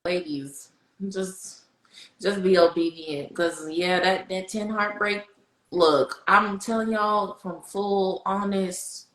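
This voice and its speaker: A woman speaking as a podcast guest, telling faith stories in animated casual chat. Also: slow. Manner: animated, storytelling, swings high when excited. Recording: echoey room.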